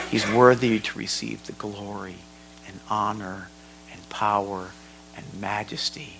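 A man teaching a sermon in a church hall, emphatic and given to repeating words, swinging from quiet to loud. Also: lowish voice, fairly even intonation, unhurried, creaky, background noise. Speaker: Bible teacher.

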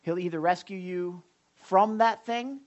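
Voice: medium pitch, a little slow, muffled recording. Chatty pastor preaching a sermon. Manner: chatty, stumbles and repeats words, asks the congregation questions. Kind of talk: conversational sermon. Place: church service.

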